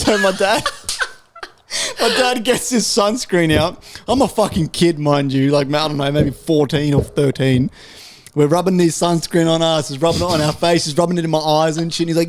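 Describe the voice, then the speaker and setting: A man's voice: on the high side, normal speed, slight background noise. Laughing, foul-mouthed young man. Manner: swears constantly, laughs through his stories. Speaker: podcast co-host. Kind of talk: casual chat.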